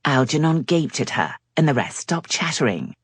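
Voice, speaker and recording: A woman narrating a romance novel in measured storytelling, recorded on a close studio mic. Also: deep voice, big pitch swings, slightly rough, no echo. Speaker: audiobook narrator. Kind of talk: scripted narration.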